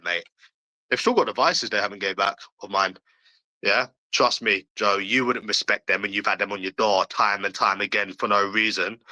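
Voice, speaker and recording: A man's voice: on the low side, pushed and bright, no room sound, rough recording. Profane ranting man. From London, England. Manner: blunt, profane, repetitive ranting. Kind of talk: livestream rant to chat.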